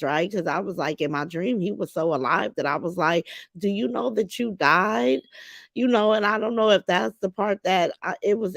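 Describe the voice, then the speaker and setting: A middle-aged woman hosting a casual livestream, greeting viewers by name in a warm, chatty way. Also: fairly low pitch, dry recording. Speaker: livestream host.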